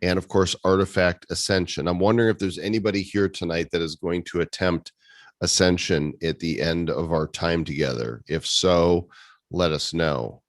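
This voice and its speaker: A man's voice: low-pitched, steady tone, moderate pace, dry recording. A man hosting a casual community meeting over a video call, teasing his co-hosts with sarcastic jokes. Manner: joking, teasing, sarcastic banter. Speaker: host.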